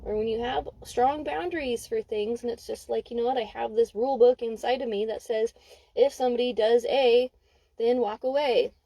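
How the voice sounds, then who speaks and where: Young woman, casual card reading, candid and emphatic, soft mellow tone, dog barking nearby. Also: fairly high pitch, fairly even intonation, moderate pace, creaky, no echo, poor audio. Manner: candid, swears freely, emphatic. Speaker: intuitive card reader.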